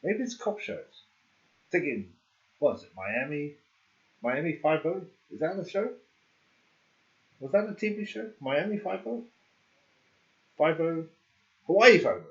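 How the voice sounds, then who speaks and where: A man's voice: fairly high pitch, animated, unhurried, long pauses, lo-fi sound. A man streaming a game, chatting casually, rambling and joking and laughing at himself. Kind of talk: casual livestream chat.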